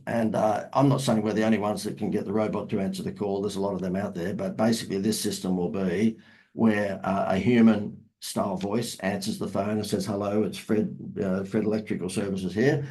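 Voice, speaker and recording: A man's voice: on the low side, warm tone, rough recording. A man, a marketing expert talking as an interview guest in a salesy, emphatic way that repeats phrases. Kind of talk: casual interview talk.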